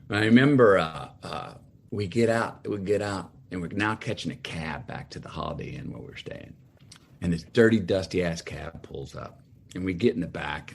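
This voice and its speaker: A middle-aged man, a podcast guest, telling a long story with lively, drawn-out delivery. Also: sits low, gravelly, husky. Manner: lively, drawn-out storyteller who acts out scenes. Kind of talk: animated storytelling in a podcast chat.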